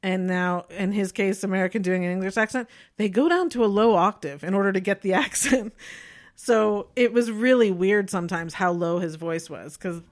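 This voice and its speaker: A woman co-hosting a podcast in casual chat, animated and opinionated, often laughing as she talks. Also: medium pitch, normal speed. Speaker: podcast co-host.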